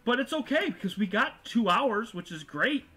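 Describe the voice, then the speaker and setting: A man's voice: very high-pitched, lively intonation, moderate pace, sharp tone, breathy edge. A man hosting an astronomy livestream, chatting casually over an online voice call and rambling with lots of "like" and restarts. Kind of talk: casual live-stream chat.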